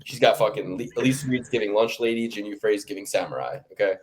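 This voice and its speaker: A man's voice: on the low side, a little mellow, low-quality recording. A man co-hosting a casual fight-prediction podcast, joking and crude as he riffs. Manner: joking, crude, fast riffing. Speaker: podcast co-host.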